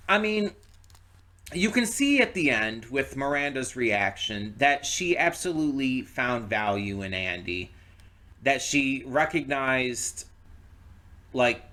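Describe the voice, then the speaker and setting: A man hosting a movie reaction channel, talking casually to camera in a rambling, low-key way with lots of restarts. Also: pushed and bright. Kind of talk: casual direct-to-camera chat.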